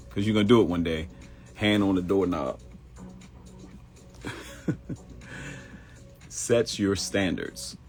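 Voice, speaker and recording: A middle-aged man from Baltimore hosting a live talk show, chatty and storytelling, calling his listeners y'all. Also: low-pitched. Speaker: host.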